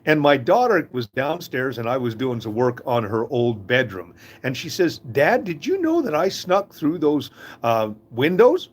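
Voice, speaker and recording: An older man from Canada telling warm family anecdotes in a casual, chuckling monologue. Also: mid-range voice, a little slow. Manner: chuckling, folksy, lively storyteller. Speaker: host of a short inspirational talk.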